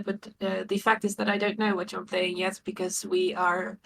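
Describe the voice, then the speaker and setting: A woman's voice: lowish voice, little pitch movement, moderate pace, gravelly, hardly any pauses, rough recording. Rambling woman from the Netherlands. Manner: rambling, self-mocking. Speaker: writer, player. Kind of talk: casual self-introduction.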